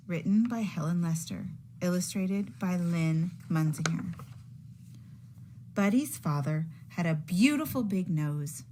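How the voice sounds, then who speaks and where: A woman teacher reading a children's picture book aloud, slow and expressive. Her pitch sits a bit low but swings widely, and a faint hum of room noise sits behind her.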